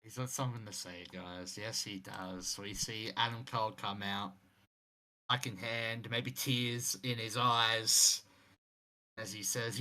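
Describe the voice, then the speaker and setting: A man's voice: on the low side, fairly even intonation, takes it slowly, pushed and bright. A man casually commentating a wrestling management game, enthusiastic and conversational. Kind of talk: casual let's play commentary.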